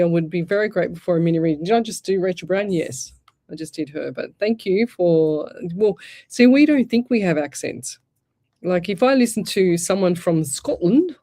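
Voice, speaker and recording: A woman's voice: lowish voice, warm tone. Chatty Australian woman host with a sore throat. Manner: chatty, rambling, stumbles and restarts. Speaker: psychic medium radio host. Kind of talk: casual live radio chat and readings.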